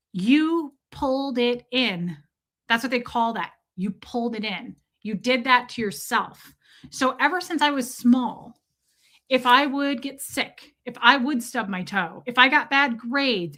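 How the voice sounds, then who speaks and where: Bright-voiced woman chatting on a livestream. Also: a little high. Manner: animated, storytelling, reads viewer comments aloud. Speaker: livestream host. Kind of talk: casual livestream chat.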